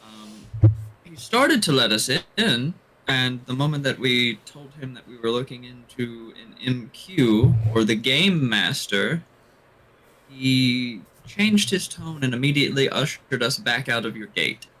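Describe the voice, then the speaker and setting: A man playing in a tabletop game speaks slowly and carefully in character. He lays things out with hesitant restarts. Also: mid-range voice, animated, a bit bright, rough recording. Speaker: player. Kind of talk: in-character roleplay.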